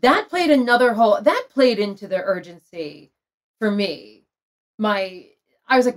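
A woman's voice: mid-range voice, animated, a little slow. Candid woman telling a personal story. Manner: emotional, confessional, laughs between lines. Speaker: guest telling her love story.

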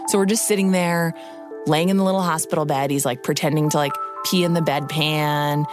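A woman with a low, deep-set voice recounts a personal story in a casual, wry way. Her speech is full of "like" and quick asides. Music plays softly behind her. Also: fairly even intonation. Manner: casual, peppered with "like", wry humor. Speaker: guest telling her story.

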